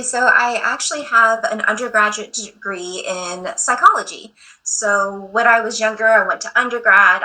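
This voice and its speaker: A woman in her thirties speaking as a guest on a radio interview show, candid and quick to laugh at herself. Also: mid-range voice, sharp tone, low-quality recording.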